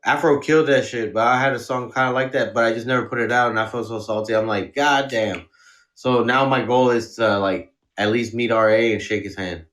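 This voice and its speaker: A man's voice: mid-range voice, steady tone, brisk, hardly any pauses, a bit bright. A man who is a guest rapper, chatting casually in a laid-back, slangy way and swearing freely. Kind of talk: casual interview chat.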